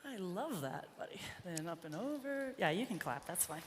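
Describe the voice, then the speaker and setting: A woman's voice: on the low side, very animated, normal speed, slight background noise. Breathless woman trainer in an echoey arena. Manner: chatty, talks to the horse and crowd at once. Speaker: horse trainer. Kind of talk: live clinic demonstration while riding. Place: indoor arena at a horse expo. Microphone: wireless body mic.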